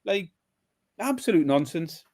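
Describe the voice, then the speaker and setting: A man's voice: sits high, expressive, measured pace, darkish tone. A man co-hosting a podcast, complaining emphatically and with exasperation in casual chat. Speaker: podcast co-host.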